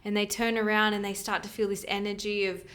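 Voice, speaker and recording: A woman's voice: mid-range voice, little pitch movement, quick pace, a bit bright, a little hiss or hum. A woman co-hosting a podcast, chatting casually in an earnest, rambling way with plenty of fillers. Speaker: podcast co-host. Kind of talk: casual chat.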